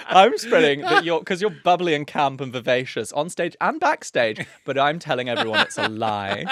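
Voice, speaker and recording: A man's voice: a little high, very animated, measured pace, long pauses, a bit bright, no echo. A man co-hosting a comedy podcast, chatting casually and teasing in a playful, mischievous way on a close mic. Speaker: podcast co-host.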